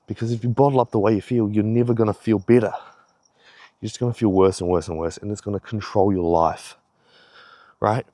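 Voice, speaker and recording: A man's voice: fairly low pitch, fairly even intonation, brisk, warm tone, no room sound, clean studio sound. A young man giving a rambling, heavily profane pep talk in a casual vlog, a little out of breath. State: slightly out of breath. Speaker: fitness vlogger.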